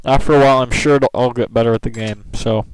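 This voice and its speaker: A gameplay video host gives casual, grumbling commentary over his own play, getting frustrated easily and apologizing for it again and again. His medium-pitched voice is fast and fairly even, and the low-quality recording carries some hiss or hum along with game gunfire and clicks.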